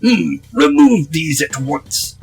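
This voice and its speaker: A man voicing a pompous, vain older male art master in a game, speaking slowly and sternly, with soft game music behind. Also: fairly high pitch, sing-song, vocal fry, husky, full character voice, rough recording. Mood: haughty. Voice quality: slow, haughty and stern.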